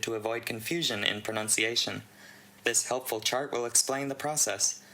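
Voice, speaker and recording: A man with a bright, forward voice reads a long technical write-up aloud. His delivery is steady and even, with the odd dry aside. He sounds like a host working through a text. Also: medium pitch, normal speed, poor audio. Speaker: channel host reading a contest entry. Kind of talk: reading a conlang write-up aloud.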